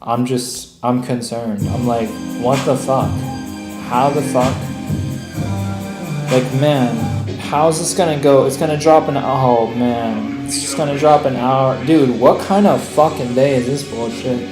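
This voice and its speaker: A man's voice: mid-range voice, a little slow. A man live-streaming his day trades, ranting in an exasperated, profane way and saying "bro" constantly. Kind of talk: live trading stream commentary. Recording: echoey room with music playing behind.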